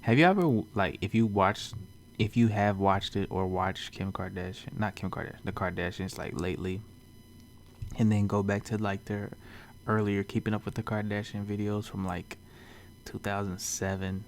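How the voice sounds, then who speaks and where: A man's voice: fairly low pitch, fairly even intonation, normal speed, slight background noise. A man talking casually as a reaction video host, loose and chatty with lots of fillers. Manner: loose and chatty, full of "like" and "you know what I'm saying".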